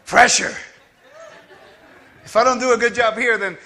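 A man giving a quick, scattered and playful teaching to a congregation, joking with the listeners as he goes. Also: very high voice, fairly even intonation, gravelly, bright, forceful tone, slight background noise. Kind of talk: lively spoken teaching.

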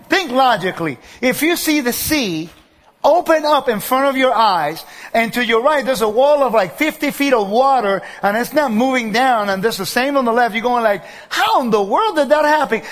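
Male preacher with a strikingly high voice, lively sermon delivery that acts out characters' lines, recorded in a hall with a long echo. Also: moderate pace. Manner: keeps checking in with the audience and acts out quoted voices.

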